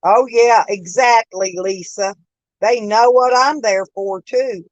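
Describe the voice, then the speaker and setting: Speaking slowly in a medium-pitched voice, a woman chats casually with viewers on her live stream, laughing often and calling them by name. Recorded on a phone, the audio is dry with the highs cut off.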